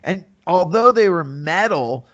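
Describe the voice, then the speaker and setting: A man's voice: high voice, unhurried, lo-fi sound. A middle-aged American man, a musician and comedian, telling stories as a podcast guest and acting out the people in them. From USA. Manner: animated storyteller, acts out voices in quotes. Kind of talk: casual storytelling interview.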